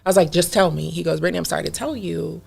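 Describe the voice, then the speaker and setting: A woman's voice: on the low side, very fast, vocal fry, slightly rough. A woman talking as a podcast guest, telling her story in a casual and emphatic way.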